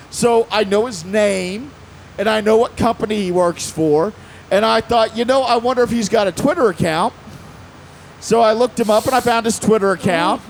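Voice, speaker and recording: A man telling a story on a convention panel in a casual, animated way, acting out the quotes and laughing often. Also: high voice, creaky, slight background noise.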